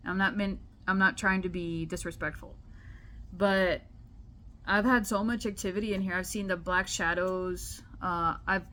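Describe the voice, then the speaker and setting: A woman telling a personal spiritual story to camera in an animated, chatty way. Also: fairly low pitch, normal speed, a little hiss or hum. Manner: animated, chatty, acts out quoted voices. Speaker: spiritual vlogger. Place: indoor room at home.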